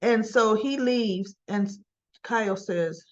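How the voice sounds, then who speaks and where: A woman's voice: medium pitch, unhurried, dull audio. A woman hosting a soap opera recap, telling the episode in a chatty storytelling way. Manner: chatty, storytelling with "and so she goes". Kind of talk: casual retelling of soap episode.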